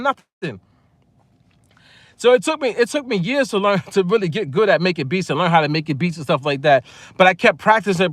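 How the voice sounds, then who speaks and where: A New man in his forties spins a casual story straight to camera, his voice pitched notably high for a man. He talks in an animated way, repeats his phrases as he goes and chuckles often. The sound is close and dry, with no room around it. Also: no room sound. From Long Island, New York. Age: 40s. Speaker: music producer and vlogger.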